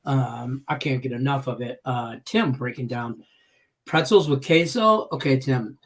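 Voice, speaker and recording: A man's voice: medium pitch, measured pace, a bit bright. A man hosting a casual live stream chat, rambling and chatty, often laughing as he tells stories. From Detroit, Michigan. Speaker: host.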